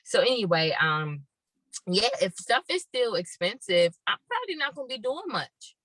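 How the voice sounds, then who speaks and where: امرأة بصوت ساطع، تتكلم بصراحة فظة وشتائم، وصوت جاف قريب. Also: female voice, medium pitch, big pitch swings, normal speed, fairly bright tone, no echo, low-quality recording. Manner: blunt, profane ranting. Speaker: podcast co-host. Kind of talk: casual chat.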